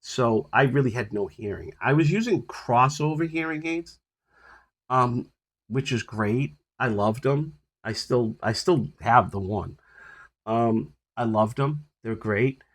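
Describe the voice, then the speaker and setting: An older man with a husky voice casually rambling about his health on a phone recording, full of fillers and restarts. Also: mid-range voice, slow pace. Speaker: vlogger sharing his health journey. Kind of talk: casual personal update to camera.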